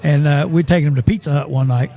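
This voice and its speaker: A man's voice: fairly high pitch, fast, mellow. A man hosting a casual sports talk show, rambling and chuckling as he tells stories. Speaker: host.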